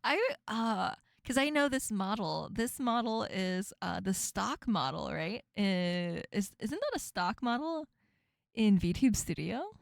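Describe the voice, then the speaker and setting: A woman's voice: mid-range voice, very animated, takes it slowly, creaky, no room sound, studio quality. A young woman streamer chatting casually while reacting to a video, giggling often. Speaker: VTuber streamer.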